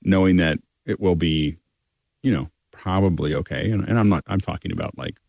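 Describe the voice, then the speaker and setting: A man's voice: sits low, normal speed, vocal fry, a little mellow, no room sound, lo-fi sound. A man talking as a guest in a casual discussion, rambling and emphatic, with many restarts.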